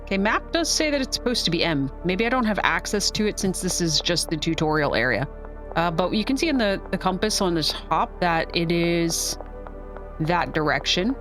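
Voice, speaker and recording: A woman streamer commentating as she plays a video game, thinking out loud with playful asides. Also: fairly low pitch, expressive, moderate pace. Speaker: gaming streamer. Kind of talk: let's play commentary. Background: game music.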